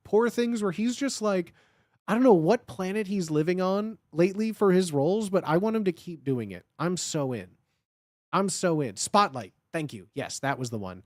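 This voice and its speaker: Guy chatting on a stream, kinda high voice, rambles a ton, dry sound. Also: animated, darkish tone, dry recording. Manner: rambling, with lots of filler words, and quick laughs. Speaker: guest on a livestream. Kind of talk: casual chat.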